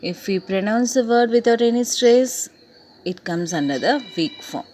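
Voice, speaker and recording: A woman teacher giving a recorded English lesson, speaking deliberately and repeating her key points. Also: a little high, animated, a little mellow, slight background noise.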